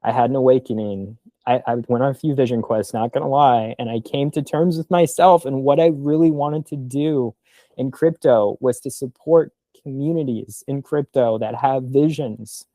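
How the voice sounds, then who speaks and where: A man's voice: medium pitch, moderate pace, mellow, dry recording. A man in his thirties, a podcast guest telling his story in an earnest, emotional, rambling way. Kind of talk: casual podcast conversation.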